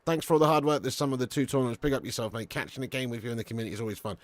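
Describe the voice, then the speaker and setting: A man's voice: medium pitch, racing, no echo. A man, hosting a football watch-along live stream. He is sweary and full of banter, and he talks straight to his viewers. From Birmingham area, England.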